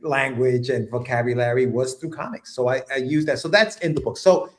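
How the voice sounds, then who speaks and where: A man's voice: mid-range voice, brisk. Guy rambling as a podcast guest, lots of ums and likes, laid back. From immigrant to the United States at age seven. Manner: relaxed, rambling, with fillers and laughs. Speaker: guest writer and letterer. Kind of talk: casual interview chat.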